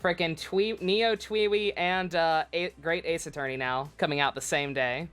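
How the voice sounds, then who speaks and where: A woman's voice: deep voice, fairly even intonation, normal speed, a bit bright, soft background music. A woman livestreaming a game, chatting casually in a rambling way with many restarts and frequent swearing. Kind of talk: casual gameplay commentary.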